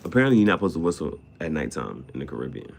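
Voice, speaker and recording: Racing along in a gravelly voice with big pitch swings, a man vlogs a rambling, slangy monologue laced with swearing. He skips between topics, laughs frequently, and his voice spikes high on sudden outbursts.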